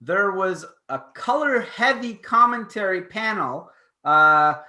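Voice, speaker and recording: Man, high bright voice, dry sarcastic co-host, roomy echo. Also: animated, slow pace. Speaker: podcast co-host. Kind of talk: casual chat.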